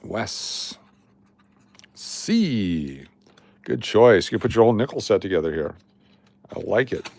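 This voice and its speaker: A man's voice: fairly low pitch, expressive, a little fast, vocal fry, a little mellow. A middle-aged man from Las Vegas hosting a casual coin live stream, chatting and reading viewer comments aloud. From Las Vegas, Nevada. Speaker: livestream host running coin giveaways.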